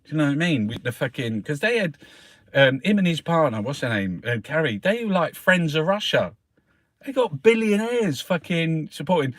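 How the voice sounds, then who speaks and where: Man, sweary scornful rant, lively swooping pitch, dry close sound. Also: moderate pace, no room sound. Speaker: political vlogger. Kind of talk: ranting newspaper review.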